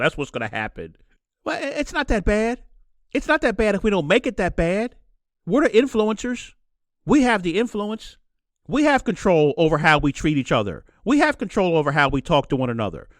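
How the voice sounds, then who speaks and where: A man rants through a solo podcast episode, circling back on his own phrases to drive each point home. His voice sits high and swoops up and down. The sound is close and dry, with no room around it. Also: no room sound. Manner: impassioned, preachy, repeats phrases for emphasis. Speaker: podcast host. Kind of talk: solo opinion monologue.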